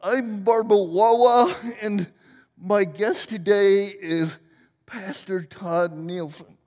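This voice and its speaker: A man's voice: high-pitched, slow, a little mellow, big-room sound. A man doing a comedic impression of a woman TV interviewer who can't pronounce her r's. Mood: mock-formal.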